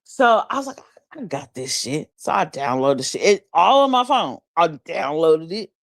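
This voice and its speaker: A woman's voice: lowish voice, sing-song, moderate pace. A woman chatting casually on a livestream, telling a rambling story with lots of laughs and swearing.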